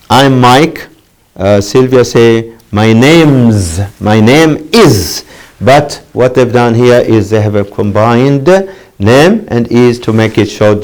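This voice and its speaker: A middle-aged man teaching an English lesson for distance learners, halting with many fillers and lifting his voice to model phrases. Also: a little mellow. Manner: pitch jumps up when modeling phrases.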